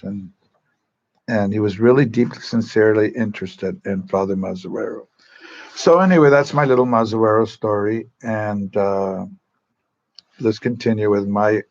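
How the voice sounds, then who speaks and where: A man's voice: fairly low pitch, creaky, a little mellow, highs cut off. A man, a priest, telling a long joke on a TV talk show in a rambling, chatty way, often repeating himself.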